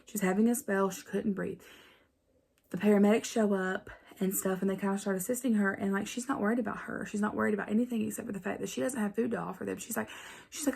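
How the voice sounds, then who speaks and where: Gravelly Appalachian woman vlogger. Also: medium pitch, fast, a little mellow. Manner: rambling, chatty, many fillers. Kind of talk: casual storytelling to camera.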